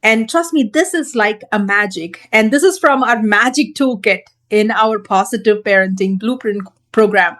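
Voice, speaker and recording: A woman's voice: mid-range voice, normal speed, few pauses, a bit bright. A woman parenting coach teaching straight to camera, earnest and emphatic, repeating her key points.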